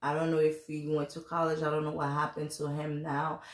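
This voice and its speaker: A woman's voice: sits low, completely flat delivery, fairly quick. A woman in her twenties, from the United States, telling a personal story to camera in a chatty, confiding, rambling way with lots of fillers. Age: 20s. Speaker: vlogger. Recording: echoey room.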